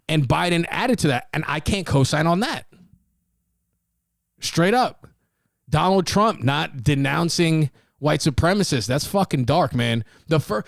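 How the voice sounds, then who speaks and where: A man's voice: a little high, vocal fry, no echo, clean studio sound. A man hosting a casual solo podcast, talking bluntly and profanely, rambling with restarts. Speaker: podcast host.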